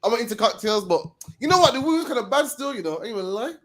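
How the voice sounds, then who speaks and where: A man's voice: very high voice, big pitch swings. A man from England, bantering in a casual chat. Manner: quick, bantering.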